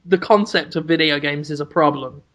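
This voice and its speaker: A man co-hosting a casual comedy podcast, listing absurd complaints in a deadpan, mock-serious way. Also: a little high, moderate pace. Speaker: podcast co-host.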